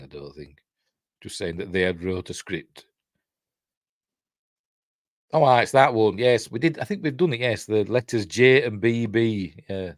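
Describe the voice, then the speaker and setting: Rambling Yorkshire man, low lively voice. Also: no echo, studio quality. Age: middle-aged. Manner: rambling, self-correcting, chuckles at his own jokes. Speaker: host of a live news stream. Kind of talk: casual live-stream commentary.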